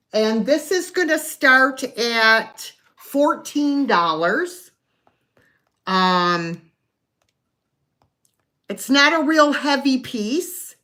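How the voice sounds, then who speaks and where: A woman runs a live sale stream, describing items and counting down each sale in a chatty, folksy way. Her voice sits a little high, and she talks at an unhurried pace. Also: animated, fairly bright tone.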